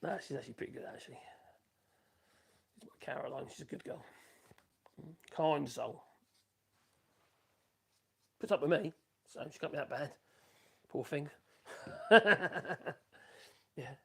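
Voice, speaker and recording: A man's voice: fairly high pitch, lively intonation, a little slow, vocal fry, long pauses, a bit bright, slightly rough. A man rambling casually to viewers, muttering asides to himself as he works in his workshop. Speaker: woodworking livestream host. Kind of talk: casual chat while working.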